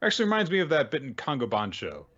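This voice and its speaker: A man's voice: mid-range voice, wildly swooping pitch, fast talker, fairly bright tone, dull audio. A man hosting a podcast, casually recapping manga chapters in a rambling, wry way with lots of fillers. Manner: rambling summary full of "uh" and "like," wry asides. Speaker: podcast host.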